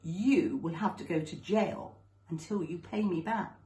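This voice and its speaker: A woman's voice: fairly low pitch, unhurried, dark tone, close to an everyday voice. A woman voicing a stern, wise king who commands and forgives in turn, recorded with a roomy echo.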